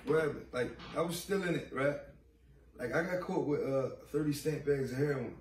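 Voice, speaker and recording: Gravelly guy in his late 30s telling a prison story, lots of cussing, sounds kinda far off in an echoey room. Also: mid-range voice, normal speed. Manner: animated, profane street storytelling acting out dialogue. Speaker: interview guest. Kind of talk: storytelling in a podcast interview. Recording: roomy echo, off-mic, faint ambience.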